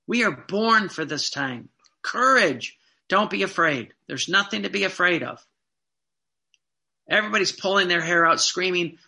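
A man preaching a fervent sermon, with emphatic repetition and slow, stressed phrases. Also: sits high, animated, creaky, pushed and bright.

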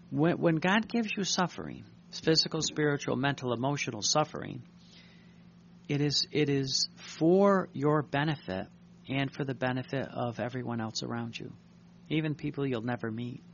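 Gravelly-voiced man preaching a sermon. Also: medium pitch, fairly bright tone, a little hiss or hum. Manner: earnest, reflective preaching with frequent restarts. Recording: dull lo-fi recording.

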